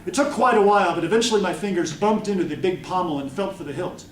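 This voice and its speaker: Author reading his novel at a convention, high for a man, echoey room. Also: quick pace, slight background noise. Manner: expressive first-person narration. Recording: echoey room, mic from far off.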